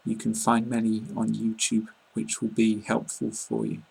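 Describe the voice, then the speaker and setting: Speaking at a fairly low pitch, an English teacher with a southern English RP accent explains pronunciation in an online lesson. His voice is strongly gravelly and somewhat husky, and he keeps a flat, even tone, calm and plain, pausing with lots of ums and uhs.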